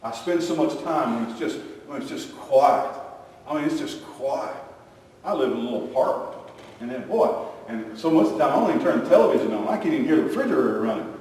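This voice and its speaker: A man's voice: mid-range voice, fast, a little hiss or hum. An older man preaching a sermon, telling folksy family stories and acting out the voices in them. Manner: folksy storytelling, animated quoting. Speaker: pastor. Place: church sanctuary. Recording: echoey hall, distant mic, faint ambience.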